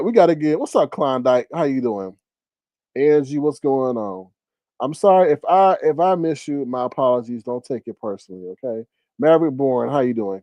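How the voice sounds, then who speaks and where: Animated, laughing male livestream commentator. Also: a little high, no echo, low-quality recording.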